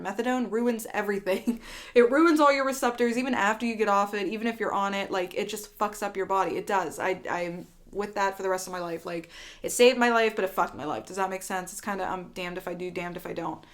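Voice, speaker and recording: A woman's voice: medium pitch, fairly quick. A young woman vlogger telling a candid storytime, rambling and swearing freely with lots of fillers. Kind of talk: storytime vlog.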